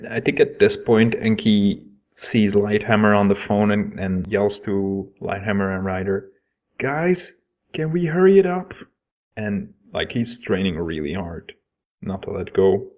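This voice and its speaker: A man's voice: fairly low pitch, level tone, a little slow, highs cut off. A man playing a tabletop game who describes scenes panel by panel, with fillers. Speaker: player. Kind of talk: casual tabletop game chat.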